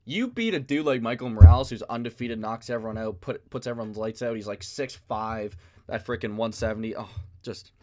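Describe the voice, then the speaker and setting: A man's voice: medium pitch, brisk, a little mellow. A man hosting a casual fight commentary vlog from his basement, rambling and self-mocking. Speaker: MMA video host.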